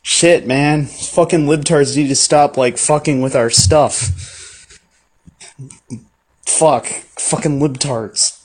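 Guy putting on a whiny fuming dude, kinda high, slow and sputtering, swearing nonstop. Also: fairly even intonation. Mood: mock-angry. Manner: sputtering, profane, comically self-pitying. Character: whiny, furious young man ranting about everything being ruined.

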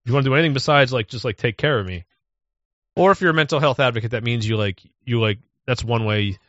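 A man's voice: mid-range voice, fast, fairly bright tone, no room sound, muffled recording. A man on a podcast talking in a mocking, sardonic way and mimicking people he scorns. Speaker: podcast co-host. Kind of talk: casual chat.

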